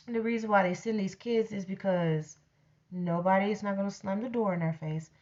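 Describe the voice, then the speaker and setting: A woman's voice: mid-range voice, normal speed, darkish tone, dull audio. A woman telling a personal story in a blunt, profane, ranting way, casually addressing her audience. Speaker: storyteller host.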